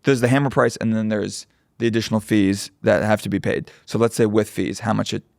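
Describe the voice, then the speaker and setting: A man's voice: on the low side, brisk, creaky, dry recording, clean studio sound. A man co-hosting a podcast, telling stories animatedly with swearing and impressions. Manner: animated storyteller, swears, mimics people he overheard. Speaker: podcast co-host. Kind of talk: casual chat.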